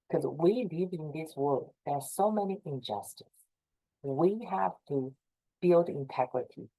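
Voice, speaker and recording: A middle-aged Chinese-accented woman from China speaks in a low, dark voice, and the recording is rough. Addressing fellow association leaders informally on a video call, she gives advice in an earnest, repetitive and encouraging way.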